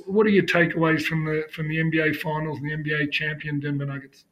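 A man's voice: a little high, level tone, quick pace, a bit bright, a little hiss or hum. An Australian man co-hosting a sports podcast, chatting conversationally and steering the talk between topics. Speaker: podcast co-host. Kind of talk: casual chat.

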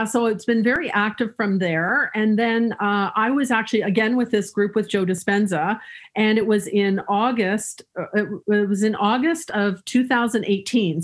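A woman guest in an interview, telling personal stories in an upbeat, humorous way and often laughing. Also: medium pitch. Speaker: guest speaker. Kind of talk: storytelling in an interview.

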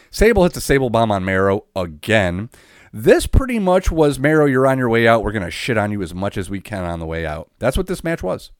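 Male podcast co-host, lowish voice, dry close sound, rambling play-by-play recap. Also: no echo. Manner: blow-by-blow recap with frequent filler uhs and swearing. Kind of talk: casual wrestling recap chat.

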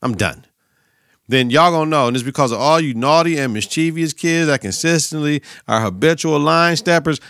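Bright-voiced, profane podcast host. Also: male voice, a little high, brisk, few pauses, smooth, dry recording. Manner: profane, slangy, animated riffing. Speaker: podcast host, teacher and coach. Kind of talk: casual solo sports podcast.

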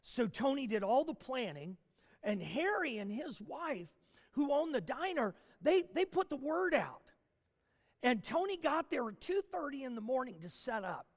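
A preacher telling a story with a high voice. His pitch leaps about as he speaks, and he restarts his phrases often. A long reverb rings through the hall around him. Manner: animated, with many restarts and fillers. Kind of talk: storytelling sermon.

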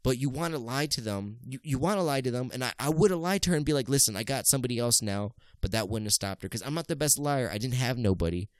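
A man's voice: mid-range voice, lively intonation, fast talker, few pauses, no echo, studio quality. A man hosting a casual podcast, telling stories animatedly and profanely, mimicking other people's voices. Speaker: podcast host. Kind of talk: casual storytelling chat.

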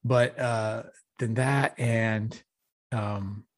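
A man's voice: fairly low pitch, fairly even intonation, drawn-out words, dry recording, studio quality. A middle-aged man from Texas, a podcast co-host telling a rambling, profane story in a casual chat. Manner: profane, laid-back storytelling with frequent laughs.

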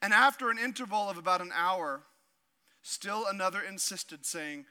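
A man with a notably high, bright, forceful voice, preaching a sermon. He reads scripture aloud and then drops into animated, humorous asides. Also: normal speed, clear, resonant tone. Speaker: pastor.

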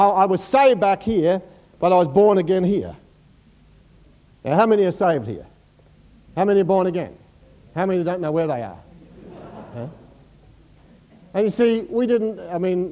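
A man preaching a sermon, animated and joking with the congregation. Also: fairly high pitch, lo-fi sound. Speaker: pastor.

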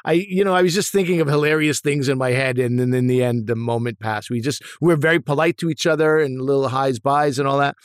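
A man's voice: mid-range voice, quick pace, few pauses, clean tone, no echo. A man speaks in an everyday middle register, telling set stories in a loose, rambling way full of restarts and side remarks. The sound is dry and close, with no room around it. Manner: rambling storyteller, many restarts and asides. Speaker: actor guest. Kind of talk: casual interview anecdotes.

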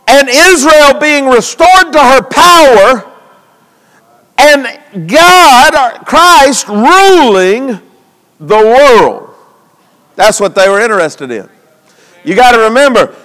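High-voiced preacher, slow and resonant. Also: male voice, fairly bright tone, clear, resonant tone. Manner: calls for responses from the congregation. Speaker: pastor. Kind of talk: sermon. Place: church sanctuary. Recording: long hall reverb.

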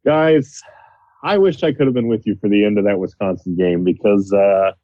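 Man, co-host, measured analysis, lowish voice, tinny phone-line sound. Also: no room sound. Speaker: podcast co-host. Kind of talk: casual commentary over a phone line.

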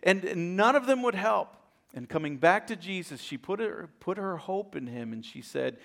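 A man preaching a sermon as a pastor, telling a story with animated, acted-out voices and repeated words when excited. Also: fairly high pitch, normal speed, creaky.

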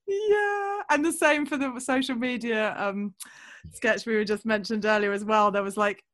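A woman's voice: fairly high pitch, normal speed, fairly bright tone. A woman from England, a comedy voice actor, chatting casually in an interview, laughing often and filling her speech with ums. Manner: giggly, chatty, many fillers.

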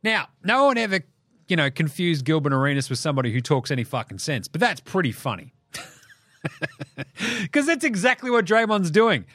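An Australian man hosting a basketball podcast, ranting in an animated, profane way and laughing between jokes. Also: a little high, normal speed, no room sound, clean studio sound. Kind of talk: solo sports podcast rant.

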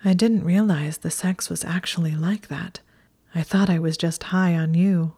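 A woman's voice: on the low side, fairly even intonation, measured pace, warm tone, breathy edge. A woman voicing a clever, flustered young witch, speaking anxiously and earnestly in whispered role-play. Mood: musing.

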